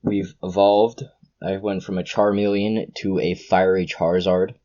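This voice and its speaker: A young man hosting a casual podcast chat, an excitable storyteller who gushes with exclamations. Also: low voice, normal speed, muffled recording. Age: young adult. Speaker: podcast host.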